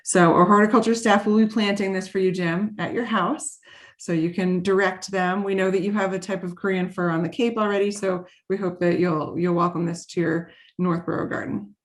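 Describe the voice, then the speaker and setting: A woman's voice: medium pitch, fairly even intonation. A woman, the head of a garden, giving a heartfelt tribute at an annual meeting, with small restarts. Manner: warm, heartfelt, slightly halting with restarts. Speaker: CEO of a garden. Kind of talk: formal meeting tribute speech.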